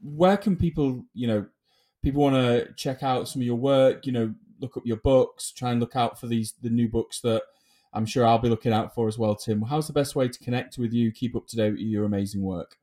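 A man's voice: mid-range voice, a little fast, mellow. A man hosting a podcast, asking a guest questions and giving brief, encouraging responses. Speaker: podcast host. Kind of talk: interviewing.

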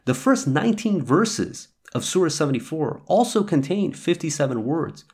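A man teaching scripture on his podcast, his voice on the higher side and a little husky. He talks earnestly, swinging his pitch up and down as he reads and explains verses. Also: sing-song, normal speed, a little mellow. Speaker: podcast host. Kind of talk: religious teaching talk.

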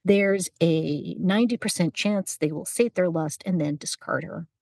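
A smug, callous boy running the game, as a woman narrator puts him on. He speaks in an offhand, mocking way, shrugging off blame. The voice is low and husky with a gravelly edge, heard close and dry. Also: measured pace, a little mellow, no echo. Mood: solemn.

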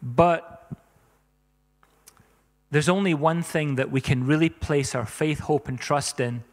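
Male pastor, slightly high voice, earnest sermon delivery, church hall reverb. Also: slow pace. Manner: earnest, emphatic, punctuated by "amen".

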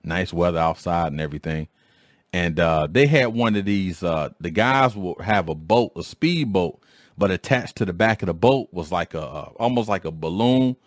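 Low-voiced man telling a lively story. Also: moderate pace, no echo. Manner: animated, slangy storytelling with big pitch jumps when quoting himself. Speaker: podcast host. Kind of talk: casual storytelling monologue.

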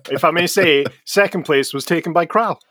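A man's voice: a little high, normal speed, a bit bright, no room sound, studio quality. A man co-hosting a casual podcast, the knowledgeable one, teasing dryly and explaining at length. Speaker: podcast co-host, the expert guest. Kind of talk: casual chat.

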